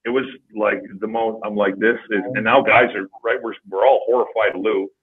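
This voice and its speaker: A man's voice: fairly low pitch, steady tone, brisk, slightly rough, phone-quality sound. A man, a former hockey player, casually telling long profane stories on a podcast. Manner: profane, rambling anecdotes. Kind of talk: casual storytelling.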